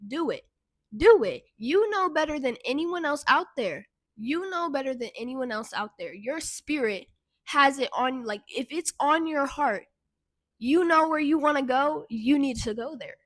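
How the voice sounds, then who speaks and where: A young woman telling a casual storytime vlog, animated and swearing freely, talking straight to her viewers. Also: sits high, dry recording. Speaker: vlogger and intuitive guide.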